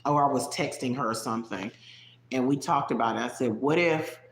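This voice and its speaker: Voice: mid-range voice, fairly quick, a little hiss or hum. Chatty, roomy-sounding livestream storyteller. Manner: chatty, digressive, talks to viewers in chat. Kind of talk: casual storytime chat. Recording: roomy echo.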